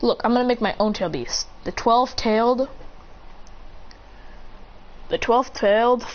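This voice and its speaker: A woman's voice: fairly high pitch, quick pace, a little mellow. Rambling woman improvising a fan story. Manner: rambling, makes it up on the spot with restarts. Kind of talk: improvised fan-fiction narration. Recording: slightly muffled with faint hiss.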